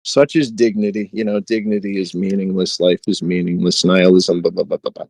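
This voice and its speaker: A man with a lowish voice, casually retelling a fight scene from a book on a podcast. He quotes the characters in an animated way and chuckles along. The sound is dry and close, with no room around it. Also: a little fast, gravelly, no echo. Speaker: podcast co-host.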